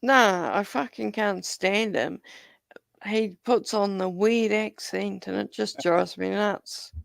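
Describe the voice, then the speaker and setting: A man from New talks in a blunt, casual way and swears freely. His voice is full of deep vocal fry and sounds gravelly throughout. The recording is dry and close to the mic. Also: slow pace, fairly bright tone, no room sound. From New Zealand. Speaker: panel guest. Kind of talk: casual chat.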